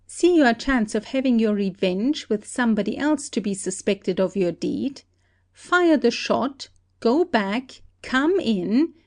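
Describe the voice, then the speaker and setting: A woman as a calm, shrewd country detective. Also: a little high. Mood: calm accusation. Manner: steady, deliberate accusing. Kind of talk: amateur audiobook play reading.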